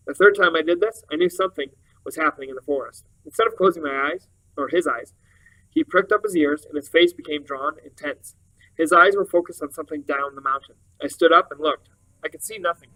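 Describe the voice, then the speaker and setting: Bright-voiced man reading a novel aloud. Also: fairly high pitch, low-quality recording. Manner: steady storytelling narration. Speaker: reader.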